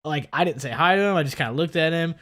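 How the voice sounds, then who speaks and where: A man co-hosting a podcast, telling a story in casual chat and acting out the people in it. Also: fast. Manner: animated, acts out quoted people with big pitch jumps. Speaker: podcast co-host.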